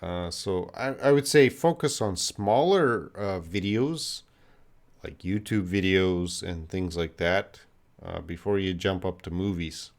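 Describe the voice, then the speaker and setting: Canadian male English teacher, slightly low voice, patient live-stream explainer with lots of fillers. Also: unhurried. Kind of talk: live-stream English lesson, answering questions.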